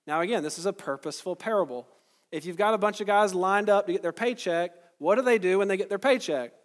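A man preaching a sermon in a conversational tone. He explains the text verse by verse and puts questions to his listeners. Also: fairly high pitch. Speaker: pastor. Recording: long hall reverb.

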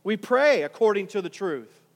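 A man's voice: high voice, sing-song, moderate pace, in a large hall. A male pastor preaching a conversational sermon, full of rhetorical questions and repeated restarts.

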